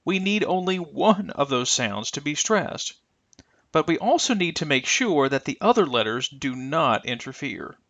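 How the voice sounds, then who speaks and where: Lively-voiced man teaching pronunciation. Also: on the high side, no echo, dull audio. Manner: careful, deliberate, stretches example sounds. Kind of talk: scripted instructional narration.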